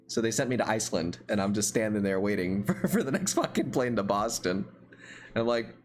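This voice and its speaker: Animated, laughing young man telling stories. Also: mid-range voice, takes it slowly, pauses often, faint music behind. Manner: laughing often, swearing, animated. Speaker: livestream host. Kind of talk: casual storytelling chat.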